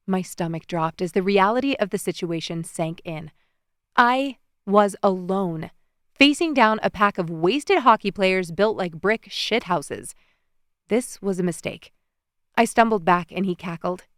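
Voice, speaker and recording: A woman narrates a first-person romance novel with expressive storytelling. Her voice is smooth and resonant at a mid pitch, and the close studio recording is dry with no room sound. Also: a little slow, no room sound. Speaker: audiobook narrator.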